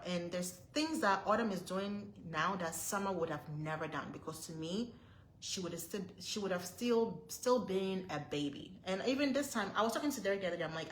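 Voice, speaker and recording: A woman's voice: fairly low pitch, a bit bright, roomy sound, a little hiss or hum, poor audio. A woman in her thirties, a mother vlogging to her viewers, retelling a frightening moment in a tense, breathless way with lots of repeated phrases. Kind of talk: storytelling to camera.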